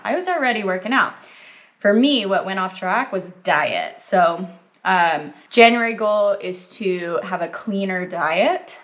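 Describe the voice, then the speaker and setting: A young adult woman chatting casually to camera as a vlogger, filler-heavy and lively, talking with her mouth full at times. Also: mid-range voice, a little slow. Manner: chatty, lots of "like" and "um", eating while talking.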